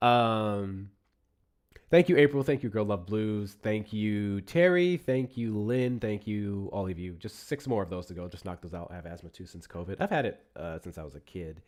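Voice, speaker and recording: Man, livestream host, low voice, swings up and down, casual and swearing. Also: expressive, moderate pace, darkish tone. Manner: laid-back, swears, laughs often. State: recovering from illness. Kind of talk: casual live-stream chat.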